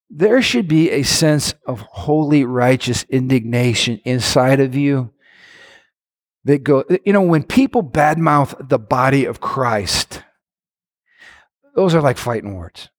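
A man preaching with a high, bright voice that swings wildly up and down. He acts out the lines he quotes and bursts into shouts mid-sermon. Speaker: pastor.

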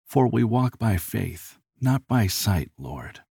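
A man's voice: lowish voice, big pitch swings, slow, creaky, warm tone, slightly rough, no room sound, clean studio sound, exaggerated voice. A man voicing a poor, devout middle-aged father who talks in a choked, quavering voice as he holds back tears. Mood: tearful prayer.

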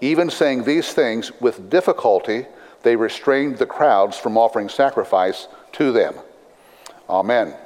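A pastor giving a sermon, reading scripture in a measured, deliberate way with dry asides. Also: male voice, mid-range voice, a little mellow. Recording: long reverb of a large hall.

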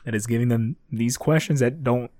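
A man's voice: mid-range voice, fairly quick, darkish tone, no room sound. A man chatting casually about an anime episode, checking his notes and laughing along. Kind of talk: casual anime recap chat.

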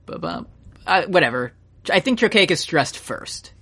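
A man's voice: high voice, sing-song, normal speed, pushed and bright, husky. Male co-host, english-teacher type, loose rambling chatter full of filler and swearing. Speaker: podcast co-host. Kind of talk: casual chat.

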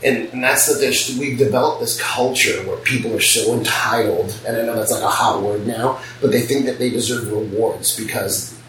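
A man's voice: medium pitch, fairly even intonation, moderate pace, a bit bright, a little hiss or hum. A man who runs a piercing studio, telling blunt, profane stories in casual chat. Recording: roomy, distant mic, faint ambience.

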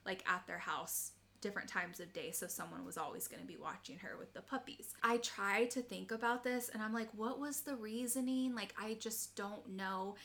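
A woman's voice: medium pitch, fairly even intonation, normal speed, few pauses, a bit bright. A woman in her forties telling a personal story in casual chat, full of "like" and swearing, acting out what people said. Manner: chatty, frequent "like", swears, acts out quotes.

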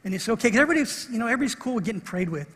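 A middle-aged man preaches with a high, husky voice that rings out through a large hall. He tells a story in an animated way and acts out the people in it. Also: very fast. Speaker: pastor. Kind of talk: sermon with a personal story. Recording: long reverb of a large hall.

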